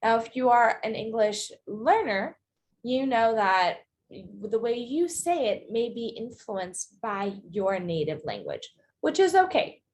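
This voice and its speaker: A woman's voice: on the high side, very animated, slow pace, a little mellow, a little hiss or hum. A woman teaching English pronunciation in a casual video lesson, explaining step by step and often checking in with "okay" and "all right".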